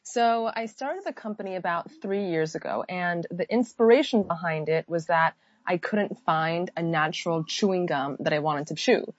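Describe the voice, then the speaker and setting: A woman's voice: on the low side, normal speed, dry recording, highs cut off. A woman who founded a company, answering interview questions fluently and explaining her work at length. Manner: fluent, explanatory, many "so" openers.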